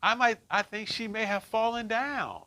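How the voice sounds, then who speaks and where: A man's voice: high-pitched, lively intonation, normal speed, pushed and bright. A middle-aged man leading a relationship workshop for a group, talking conversationally and often checking in with "right?". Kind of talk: teaching a group class.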